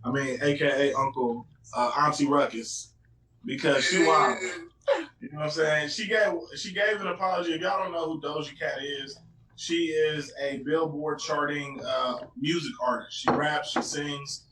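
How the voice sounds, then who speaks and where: A man's voice: fairly high pitch, fairly even intonation, moderate pace, far from the mic, noisy background. A man hosting a casual podcast. He talks in laid-back slang, full of "you know what I'm saying.". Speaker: podcast host. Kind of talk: casual chat. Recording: echoey room, off-mic.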